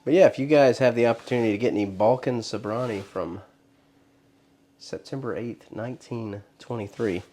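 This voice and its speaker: A man's voice: medium pitch, normal speed, warm tone, slight background noise. A man co-hosting a casual podcast, teasing his partner with dry banter. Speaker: podcast co-host. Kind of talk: casual chat.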